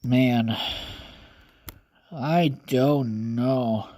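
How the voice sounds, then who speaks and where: A man talks alone into his podcast mic in a loose, wandering monologue. His voice has a mellow, soft-edged tone. He swears freely and fills the gaps with "uh" and "like.". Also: mid-range voice, very slow. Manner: rambling, casually profane, thinks aloud with fillers. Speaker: podcast host. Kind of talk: casual solo podcast monologue.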